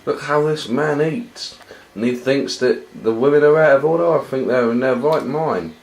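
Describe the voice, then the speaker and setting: A man's voice: mid-range voice, normal speed. A man complaining in a formal, accusing way, addressing the other man by his title. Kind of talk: confrontational casual talk. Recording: echoey room with some noise.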